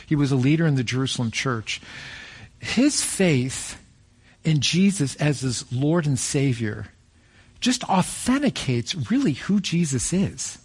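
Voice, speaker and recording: A middle-aged man preaching a sermon as a pastor, conversational and storytelling, with animated peaks. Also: mid-range voice, breathy edge.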